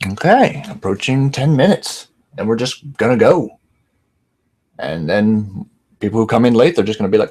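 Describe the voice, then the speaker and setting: A man's voice: fairly low pitch, animated, moderate pace, a little mellow, breathy edge. A male impressionist chatting casually to viewers on a livestream, rambling and self-mocking. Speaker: impressionist streamer.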